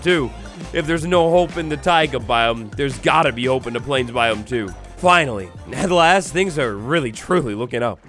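A man's voice: on the high side, fairly bright tone. A young man giving playful, theatrical commentary while playing a survival video game, talking to the animals and villagers he meets. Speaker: gaming YouTuber. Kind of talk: Minecraft let's play commentary.

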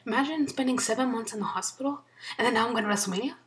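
Excited young woman vlogging, swearing a lot. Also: a little high, fast. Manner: excited, rambling, swears a lot, drops to a whisper at times. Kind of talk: casual unboxing vlog. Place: her bedroom at home.

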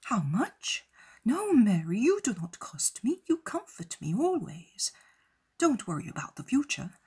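A woman voicing Joseph, a protective, steady grown man, in a soft breathy voice. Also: fairly high pitch, unhurried, voice pushed up, full character voice. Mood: reassuring.

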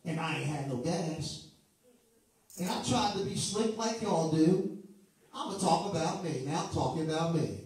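A man's voice: a little high, lively intonation, normal speed, a little mellow. A man preaching a sermon with fervour, moving between sing-song chanting and joking asides to the congregation. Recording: echoey room from far off with music. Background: music.

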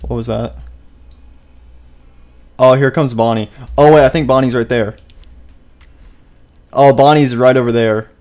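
A man's voice: medium pitch, fairly even intonation, a little slow, long pauses, darkish tone. A young man casually commenting on his own gameplay, chatty, talking to himself and startled easily. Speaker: gaming YouTuber. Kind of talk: casual let's-play commentary.

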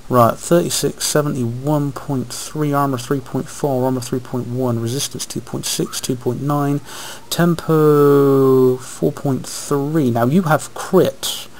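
A let's play host with a medium-pitched, steady, slightly mellow voice talks slowly over his gameplay, rambling and chatting to himself. It's recorded on a webcam mic, so the audio is poor with a bit of hiss or hum.

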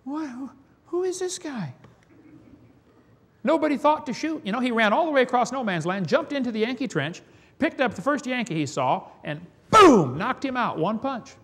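A man's voice: very high voice, sing-song, a little fast, a bit bright, slightly rough. A man preaching a sermon, telling folksy stories with chuckles.

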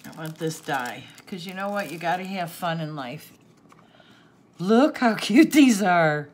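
A woman's voice: lowish voice, lively intonation, a little slow, background noise. A woman opening gifts off camera for her viewers, teary and sniffling, gasping and laughing with delight. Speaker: crafting channel host. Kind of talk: unboxing happy mail, chatting to viewers off camera.

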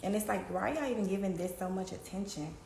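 A woman's voice: mid-range voice, fast talker, vocal fry, heavy background noise. Echoey woman rambling on a phone live. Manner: rambling, talks to her viewers. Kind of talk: casual live stream chat.

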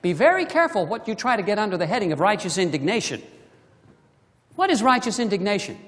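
An animated preacher works the congregation with rhetorical questions. The voice leaps from loud, pressing emphasis down to quiet, intimate asides, and the delivery is full of lively rises and falls. The voice rings out with the long reverb of a church hall. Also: medium pitch, fast. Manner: swings between loud emphasis and hushed asides. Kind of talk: sermon. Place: church sanctuary.

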